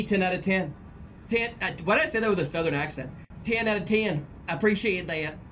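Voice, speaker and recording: A man's voice: high voice, fairly bright tone, slight background noise, poor audio. A male game streamer chatting casually and joking with his live chat. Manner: joking, playful banter with chat.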